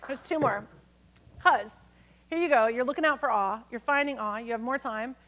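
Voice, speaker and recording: A woman's voice: fairly high pitch, moderate pace, fairly bright tone, slight background noise, rough recording. Woman poet reading frankly to a crowd. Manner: frank, salty storytelling with playful asides to the audience. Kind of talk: poetry reading with spoken asides. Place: conference stage before a live audience.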